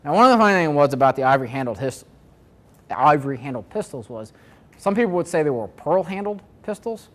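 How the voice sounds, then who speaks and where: A man with a slightly high voice presents a marketing seminar. He talks in a loose, conversational way and keeps putting questions to his listeners. The room around him has a live audience. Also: very animated, quick pace, a bit bright.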